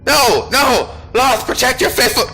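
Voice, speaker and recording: A man voicing a scheming, proud dark elf priestess woman, haughty and commanding, reading game dialogue aloud. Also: on the high side, lively intonation, brisk, slight background noise, low-quality recording. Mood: panicked.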